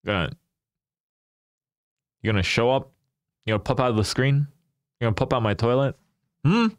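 A man's voice: medium pitch, moderate pace, pauses often, no echo, studio quality. A young man live-streaming a game, chatting casually and animatedly with his viewers and laughing often.

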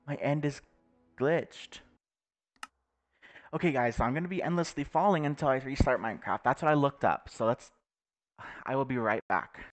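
A young man giving nervous, excitable commentary while playing a video game, often laughing and exclaiming. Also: medium pitch, normal speed, pauses often, faint music behind. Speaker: gaming YouTuber. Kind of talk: Let's Play commentary.

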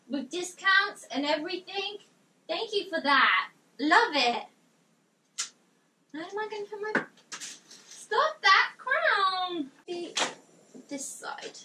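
A woman's voice: high-pitched, lively intonation, takes it slowly, pauses often, pushed and bright, distant mic, a little hiss or hum. A young woman in her bedroom, gushing and exclaiming as she unboxes gifts and reads notes aloud. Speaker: vlogger. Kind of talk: excited unboxing vlog.

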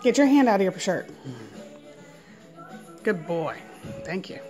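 A young woman at home feeding her son, filmed on a phone, switching between soft murmured questions and high cheerful praise. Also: expressive, slow pace, soft background music. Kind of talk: casual home video chat.

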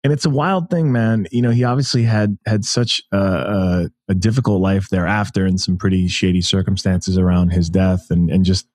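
Man, 30s, American, podcast guest, animated, laughing, low-pitched. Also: normal speed, few pauses. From United States. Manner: animated storyteller, laughs often, many restarts. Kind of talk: casual interview conversation.

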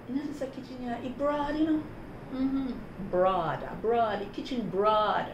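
A woman's voice: mid-range voice, expressive, measured pace. A woman with a Jamaican accent casually teaching patois words, saying phrases in patois and then giving the plain English word. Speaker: host. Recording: roomy with background noise.

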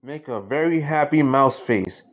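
A man's voice: medium pitch, lively intonation, unhurried. A man voicing a playful father mouse in a storybook reading, hamming up his silly faces. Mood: tender.

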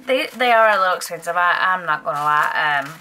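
A woman's voice: lowish voice, lively intonation, a little fast, pushed and bright. A woman vlogger chatting casually as she unboxes nail supplies, gushing and rambling with lots of fillers. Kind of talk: casual product unboxing chat.

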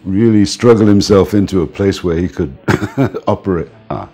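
An older man interviewed as a music manager, telling relaxed stories and often laughing and saying "man". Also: low voice, normal speed, husky. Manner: relaxed, reminiscing, often says "man", laughs between points. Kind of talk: casual storytelling interview.

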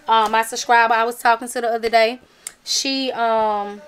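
High-voiced chatty woman vlogging. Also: level tone, moderate pace, fairly bright tone, clear, resonant tone. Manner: chatty, talks to viewers as y'all, emphatic. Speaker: vlogger showing a craft haul. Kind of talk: casual chat to camera.

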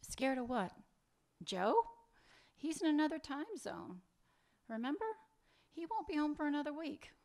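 A woman reading the lines of a sharp-tongued woman in a secret affair, cutting, sarcastic and impatient, in a live fiction reading. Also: high-pitched, animated, unhurried, long pauses. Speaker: reader of a story's dialogue.

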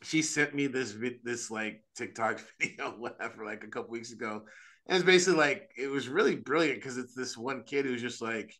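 Earnest, animated priest with bright tone. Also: male voice, mid-range voice, a little fast. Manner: earnest, animated, acts out quoted voices; frequent restarts and "like", "right?". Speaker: Orthodox priest, podcast host. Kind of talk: casual religious discussion.

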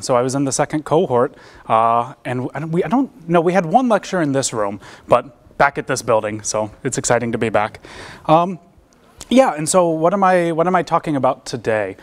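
American man, young adult, relaxed seminar talk, lots of ums and restarts, lecture room. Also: mid-range voice, moderate pace. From United States. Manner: casual, self-deprecating, many fillers and restarts. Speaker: seminar presenter.

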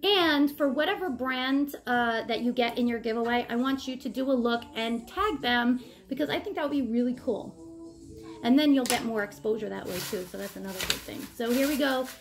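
A woman in her thirties hosting a casual vlog giveaway, bubbly and chatty, with excited asides. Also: fairly high pitch, a little hiss or hum.

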